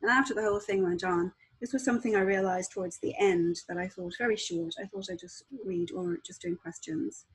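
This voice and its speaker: Husky-voiced woman reading her book. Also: medium pitch, lively intonation, fairly quick, hardly any pauses, rough recording. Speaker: author and guest. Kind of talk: casual talk, then reading aloud from her own book.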